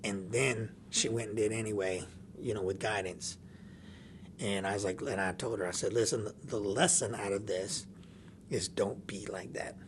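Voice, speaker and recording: A man's voice: on the low side, fairly even intonation, moderate pace, slight background noise. A man telling a personal story in casual chat, laughing often and acting out the dialogue of the people in it. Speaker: podcast guest.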